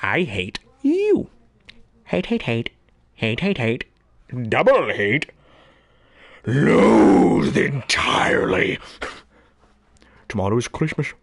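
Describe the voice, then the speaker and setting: A man's voice: mid-range voice, wildly swooping pitch, slow, creaky, pauses often, heavily acted. A man voicing a grumpy, Christmas-hating creature that sneers and drags out its words. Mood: sneering.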